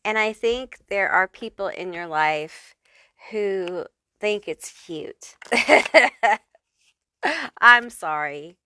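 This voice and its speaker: A woman reads tarot in a slow, unhurried voice. Her tone is bright and crisp, and the sound is close and dry. She is chatty and reassuring, swears freely, and keeps tagging her lines with "okay?". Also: lowish voice, dry recording. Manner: reassuring, affirming. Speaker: tarot reader. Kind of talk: casual pick-a-card tarot reading.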